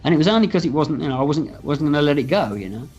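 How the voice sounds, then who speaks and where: A film director telling stories from the set in a casual, animated interview, acting out quotes and swearing freely. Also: male voice, fairly high pitch, rapid-fire, breathy edge. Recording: slightly dull audio with faint music.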